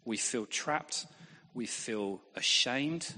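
A man preaches with a husky voice that swings up and down with lively pitch. He tells stories and jokes at his own expense. His words ring out with a long reverb from a big hall. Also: drawn-out words. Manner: lively, self-deprecating humour. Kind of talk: sermon with anecdotes.

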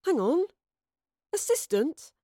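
A woman's voice: a little high, fairly quick, no echo. An earnest young Roman soldier, naive and eager to please, as a woman reading the story puts him on. He speaks sincerely and is recorded close and dry. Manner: earnest, easily flattered. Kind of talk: audiobook character voice.

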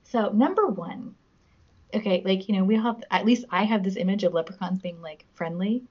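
A woman's voice: medium pitch, moderate pace, husky, dull audio. A woman guest in a casual podcast chat, giggly and self-deprecating as she reads out facts. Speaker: guest, musician.

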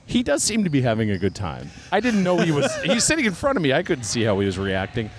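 A man hosting comedic play-by-play at a basketball game, chatty and quick to laugh, recorded courtside. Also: medium pitch, wildly swooping pitch, a crowd in the background. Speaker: host and commentator.

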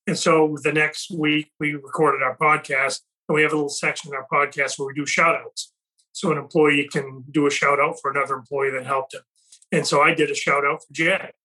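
A man's voice: on the high side, flat delivery, a little fast, sharp tone, low-quality recording. A man hosting a podcast, talking earnestly and reflectively in a casual conversation, often restarting his sentences. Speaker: podcast host and company leader.

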